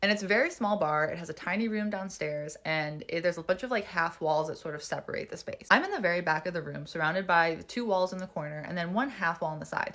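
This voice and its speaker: A woman's voice: on the low side, fairly bright tone. A woman telling a story casually to the camera, heated and emphatic, with swearing.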